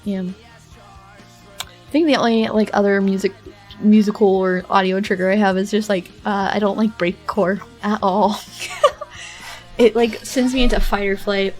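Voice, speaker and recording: A woman's voice: medium pitch, fairly even intonation, normal speed, long pauses, a little mellow, soft background music. A woman streamer chatting casually with her viewers while she works, rambling with many fillers and little laughs. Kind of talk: casual chat with chat while drawing.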